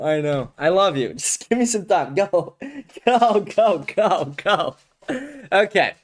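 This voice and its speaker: A man hosting his own livestream talks in a loose, rambling, profane flow and laughs often. His voice sits a little high for a man and swings up and down a lot. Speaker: livestream host. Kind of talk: casual livestream chat.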